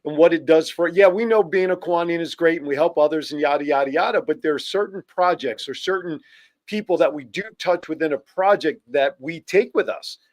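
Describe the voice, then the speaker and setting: A man hosting a live-streamed club show, asking questions and reflecting in a measured way. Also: on the high side. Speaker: show host. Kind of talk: interview talk show.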